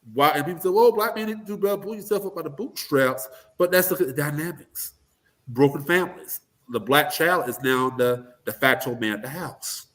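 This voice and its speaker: A man giving blunt, animated opinions as an interview guest, breaking into mocking voices to make his points. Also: mid-range voice. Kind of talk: casual political commentary.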